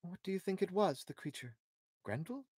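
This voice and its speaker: A man reading aloud as a troubled, fearful queen in a soft, raised voice. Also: high-pitched, sing-song, moderate pace, slightly rough, no echo, clean studio sound, pitched above the performer's own voice, exaggerated voice. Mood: hushed.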